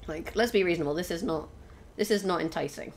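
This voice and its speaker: A woman's voice: lowish voice, fast talker, slight background noise. A young woman casually commenting on a video game she is playing, chatting to viewers and exclaiming at what happens on screen. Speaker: let's play host. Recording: game sound clearly behind voice. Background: game ambience.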